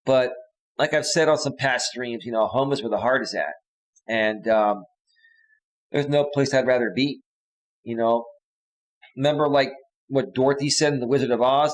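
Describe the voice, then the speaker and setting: A man from the San Francisco Bay Area hosts a live coaching stream, chatting casually with viewers, reading their comments, and now and then dropping into soft sighs. He speaks straight to his audience at normal speed in a mid-range voice, on a rough recording.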